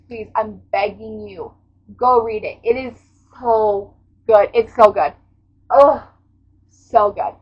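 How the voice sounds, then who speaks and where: A woman's voice: on the high side, breathy edge, lo-fi sound. Gushing, dramatic woman book vlogger. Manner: gushing, dramatic, swears freely. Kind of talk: casual reading recap.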